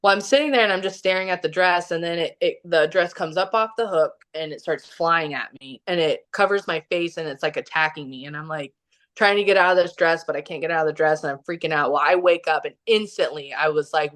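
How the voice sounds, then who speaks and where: A woman with a slightly low voice tells a personal story on a podcast. She rambles and fills her sentences with "like" and restarts, and she acts out other people's lines as she goes. The delivery is casual and conversational. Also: a little fast, fairly bright tone. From Kansas City, Missouri. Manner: rambling, filler-heavy, acts out quoted dialogue. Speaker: podcast guest.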